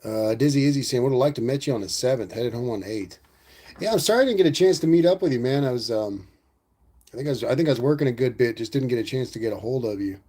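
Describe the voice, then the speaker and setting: A man's voice: medium pitch, animated, quick pace, mellow. Laid-back man reading his stream chat. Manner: laid-back, rambling, says "man" a lot. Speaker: livestream host reading chat. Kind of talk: casual livestream chat.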